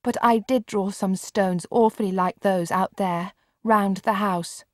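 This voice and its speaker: A woman's voice: mid-range voice, steady tone, measured pace, dry recording, clean studio sound, lightly acted. A woman reader voicing a frightened, meek young girl who turns apologetic and tearful. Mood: pleading. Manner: anxious, apologetic, tearful at times.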